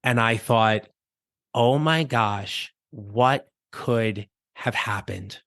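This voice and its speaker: Man, podcast host, bright and clear tone, dry close-mic sound, reflective storytelling, casual restarts. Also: mid-range voice, very slow, dry recording. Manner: conversational, reflective, with small restarts. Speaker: podcast host and career coach. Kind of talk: personal storytelling monologue.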